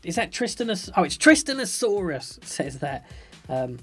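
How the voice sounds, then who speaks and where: A man's voice: on the high side, lively intonation, brisk, a bit bright, husky, soft background music. A young man streaming a building game live, chatting playfully with viewers and reading out their questions. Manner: playful, upbeat, chatty, jokey. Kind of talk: live gameplay commentary, reading chat.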